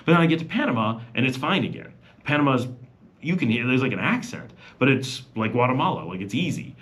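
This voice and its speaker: A man's voice: mid-range voice, expressive, a little fast, fairly bright tone. A middle-aged man chatting casually on a live Q&A stream, rambling with many fillers and restarts. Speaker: vlogger hosting a live Q&A.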